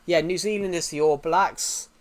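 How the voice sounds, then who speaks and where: A man's voice: fairly high pitch, steady tone, moderate pace, a little hiss or hum. A young British man streaming live, chatting casually with viewers in a rambling way, full of restarts and fillers. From United Kingdom.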